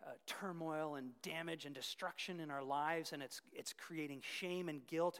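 Emphatic high-voiced male preacher. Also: fairly even intonation, moderate pace, hardly any pauses, fairly bright tone, clear, resonant tone. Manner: emphatic, rising to fervent peaks, with asides to the congregation. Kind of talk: sermon. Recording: long reverb of a large hall.

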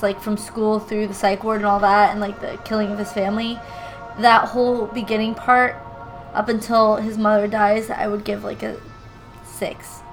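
A woman's voice: medium pitch, rough recording. A woman co-hosting a casual podcast, joking and swearing as she rates a horror movie. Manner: joking, laughing, swearing, fillers. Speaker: podcast co-host. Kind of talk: casual movie review chat.

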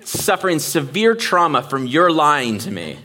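A man's voice: fairly high pitch, big pitch swings, unhurried, pushed and bright, heavily acted. A man putting on the voice of a melodramatic woman who complains that she has been hurt, in an exaggerated, mock-wounded tone.

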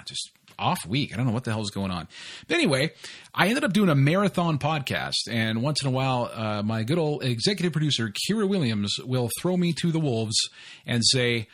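A man's voice: medium pitch, fairly bright tone. Rambling podcast host in his forties. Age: 40s. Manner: rambling, self-deprecating, heavy on fillers. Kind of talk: casual solo podcast intro.

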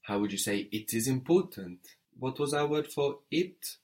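A man's voice: mid-range voice, animated, moderate pace, darkish tone. A man teaching French in an audio lesson, patient and methodical, prompting the learner and spelling words letter by letter.

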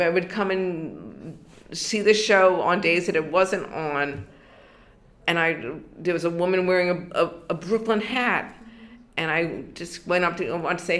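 An older woman from New York tells her story in an oral history interview, restarting often and quoting bits of dialogue. Her voice is on the low side.

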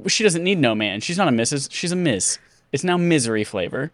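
A man's voice: on the high side, big pitch swings, a little fast, no room sound. A man hosting a casual gaming podcast, goofy and jokey, slipping into silly voices. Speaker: podcast host.

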